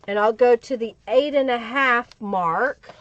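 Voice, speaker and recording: Lady doing a live craft stream, high voice, chatty, kinda dull lo-fi sound. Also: measured pace, a bit bright, a little hiss or hum. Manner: chatty, greets chat viewers by name. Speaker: crafting livestream host. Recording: dull lo-fi livestream audio.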